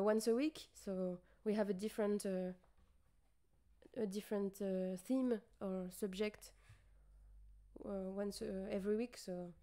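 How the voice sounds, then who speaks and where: A woman's voice: mid-range voice, mellow. A tired young woman with a French accent, chatting casually on a livestream and hesitating as she searches for English words. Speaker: streamer.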